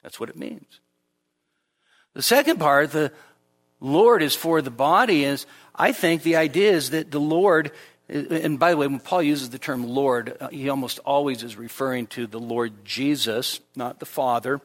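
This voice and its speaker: Speaking at normal speed, this pastor gives an expository sermon at a church service, his pitch rising sharply when he stresses key points. Between those emphatic peaks come conversational asides and light humor, all heard with a big-room sound.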